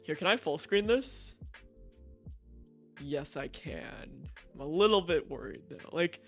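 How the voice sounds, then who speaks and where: A young man streaming a game, telling a story in a profane, animated rant full of "right?" asides. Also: on the high side, slow, gravelly, faint music behind.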